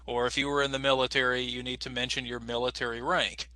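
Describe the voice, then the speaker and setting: A man teaching an English as a second language class over a video call, explaining patiently and slowly with lots of fillers. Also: medium pitch, level tone, pushed and bright, no echo. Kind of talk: online class instruction.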